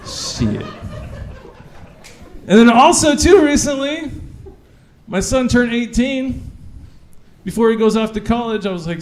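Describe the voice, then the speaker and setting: A man's voice: extremely high pitch, measured pace, long pauses. A middle-aged man doing a stand-up set in a comedy club, telling crude stories and acting out the dialogue. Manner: crude, animated storytelling, acts out dialogue.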